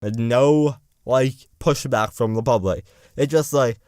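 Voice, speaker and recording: A man's voice: medium pitch, a little slow, a little mellow, smooth, no room sound, studio quality. A young man in college rambling through a profane, sarcastic political rant as a vlogger. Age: young adult.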